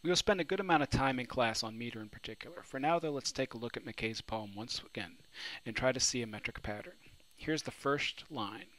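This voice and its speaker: A man's voice: medium pitch, a little fast, a bit bright, rough recording. A man teaching a recorded lesson on poetry, asking his students questions and answering them himself. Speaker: literature teacher. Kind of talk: recorded lecture. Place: New Orleans.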